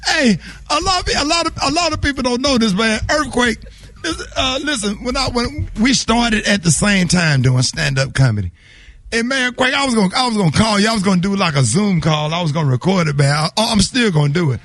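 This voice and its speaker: A middle-aged man hosts a morning radio show, excitably hyping up his guest and trading jokes. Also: sits high, fairly quick, no echo. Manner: excitable, laughing, hype-man introductions. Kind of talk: lively morning radio banter.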